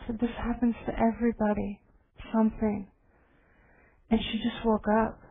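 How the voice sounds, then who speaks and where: A woman meditation teacher giving a dharma talk, telling stories in a gentle, reflective way. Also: fairly high pitch, level tone, normal speed, long pauses. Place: meditation hall. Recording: tinny phone-like recording with faint hiss.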